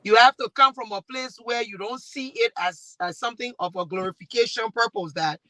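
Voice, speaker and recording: A woman with a Liberian accent, speaking on a discussion panel and telling stories in a lively way with many restarts. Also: a little high, fairly quick, no room sound, low-quality recording. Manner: animated storytelling with restarts. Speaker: talk show host and panelist.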